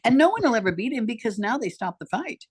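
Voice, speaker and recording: A woman's voice: fairly high pitch, very animated, quick pace, breathy edge. An older woman telling her life story as an interview guest, emphatic and heartfelt, talking straight to the host. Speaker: podcast guest.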